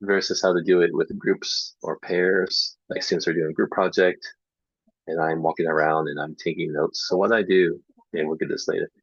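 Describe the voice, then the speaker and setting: Relaxed male teacher trainer, gravelly and low, chatty with fillers, muffled dry lo-fi sound. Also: normal speed, no room sound. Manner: relaxed, filler-heavy, demonstrates errors by repeating them. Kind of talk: casual online teaching talk. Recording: dull lo-fi dry online recording.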